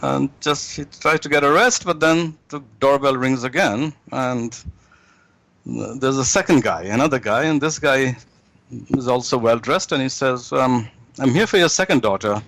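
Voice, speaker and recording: A man's voice: mid-range voice, measured pace, creaky, fairly bright tone, rough recording. A man guest in an interview, telling jokes in a rambling way with many restarts.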